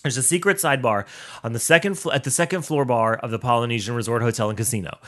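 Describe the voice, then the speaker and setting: A male podcast host telling a comic story in a sassy, profane, animated way, swinging his pitch up and down. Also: fast.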